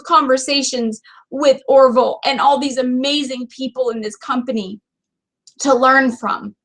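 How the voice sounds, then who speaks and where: High bright-voiced woman vlogging a heartfelt pep talk to her team, gets kinda emotional. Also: steady tone, unhurried. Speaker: direct sales team leader. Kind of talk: motivational vlog talk to team.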